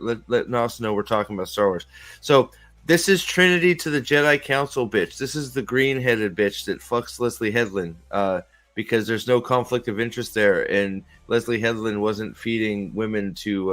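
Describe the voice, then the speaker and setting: A man's voice: lowish voice, a bit bright. A man hosting his stream, ranting casually with lots of swearing, restarts and repeated words. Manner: profane, rambling, repeats himself. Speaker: streamer host. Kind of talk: casual rant.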